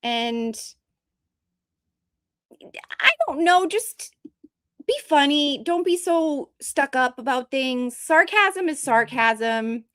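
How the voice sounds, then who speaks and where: A woman's voice: high-pitched, animated, slow pace, long pauses, a bit bright, dry recording, studio quality. A woman hosting a live stream, chatting casually with viewers in a rambling, joking and bluntly profane way. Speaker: streamer host.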